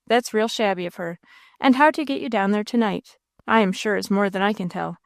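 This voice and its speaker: A woman's voice: mid-range voice, brisk, vocal fry, no room sound, studio quality, natural voice. A woman reading the part of a big red-faced country innkeeper who speaks in a folksy rural dialect. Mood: blunt.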